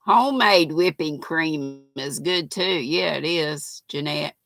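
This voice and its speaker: A woman's voice: deep voice, slow pace, creaky, a bit bright. An older woman hosts a casual livestream, reading viewers' comments aloud in a chatty, folksy way. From North Carolina, US. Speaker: livestream host.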